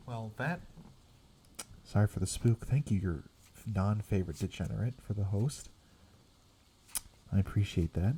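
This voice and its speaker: A young man streaming as a VTuber, rambling softly in a quiet ASMR chat that slips into whispers. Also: lowish voice, expressive, normal speed, long pauses, a little hiss or hum. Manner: soft rambling, drifting between quiet voice and whisper.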